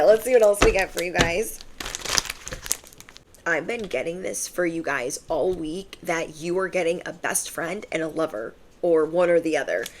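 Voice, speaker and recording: A young woman reads tarot for her viewers in a casual, emphatic stream full of slang. Her voice sits fairly low with a gravelly fry, over a faint hiss of background noise. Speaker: tarot reader. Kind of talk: channeled tarot reading to viewers.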